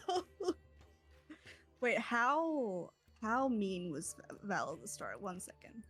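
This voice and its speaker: A woman's voice: mid-range voice, very animated, slow pace, fairly bright tone, slightly rough, soft background music. A young woman playing in a tabletop game, chatting casually, laughing often and swearing freely. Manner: giggly, rambling, swears freely. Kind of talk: casual streamed game chat.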